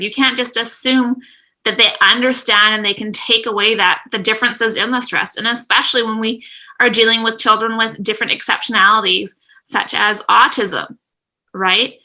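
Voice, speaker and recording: Woman host w a really bright, sharp voice, chatty, keeps checking in. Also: fairly high pitch, poor audio. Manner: engaged, checks in with "right?". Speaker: host educator. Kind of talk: conversational teaching talk.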